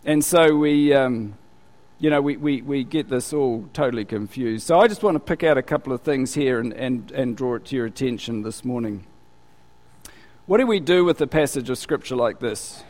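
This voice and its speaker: A man's voice: fairly high pitch, a little fast, darkish tone. A male pastor preaching a sermon conversationally, full of rhetorical questions and repeated words. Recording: long hall reverb.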